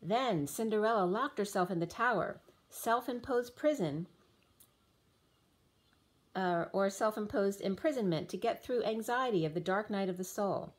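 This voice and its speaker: A woman's voice: mid-range voice, animated, moderate pace. Lady doing a twin flame tarot reading, dreamy and rambly, voice getting a bit worn. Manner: dreamy, free-associating, rhyming asides. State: losing her voice. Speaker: tarot reader. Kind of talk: spiritual tarot reading monologue.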